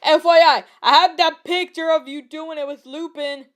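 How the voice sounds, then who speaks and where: A woman voicing a melodramatic gothic teenage vampire girl with shrill, overdramatic outbursts. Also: fairly even intonation, moderate pace, close to an everyday voice. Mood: snippy.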